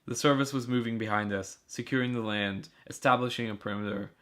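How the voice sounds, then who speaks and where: A man reading a novel chapter aloud for a school project, steady and earnest. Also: mid-range voice, brisk. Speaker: student reader. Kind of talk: amateur audiobook reading.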